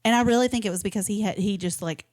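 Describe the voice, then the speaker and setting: A woman's voice: mid-range voice, rapid-fire. A woman co-hosting a podcast, telling a story in casual chat and acting out what people said. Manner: animated, acts out quotes, swears and laughs. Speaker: podcast co-host.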